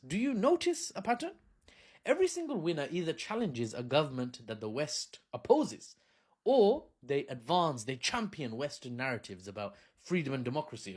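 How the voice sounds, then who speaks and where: A man delivering satirical political commentary with a sarcastic, self-mocking edge. His pitch swings widely, and his voice sits in a middle register. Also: slightly rough. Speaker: commentary channel host.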